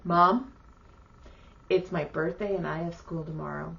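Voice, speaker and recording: A woman's voice: lowish voice, a little slow, gravelly. Woman in her 30s on a podcast, swears a lot, acts out everyone in her stories, kinda dull lo-fi audio. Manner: animated, profane, acts out quoted people. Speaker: podcast co-host. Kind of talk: casual storytelling chat.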